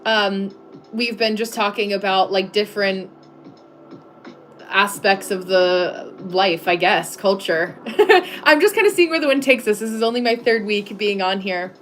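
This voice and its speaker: An American woman hosts a casual livestream from her home desk, chatting loosely with viewers in a mid-range, expressive voice at a measured pace. Faint music plays behind her, and her talk is full of "like" fillers and frequent laughs.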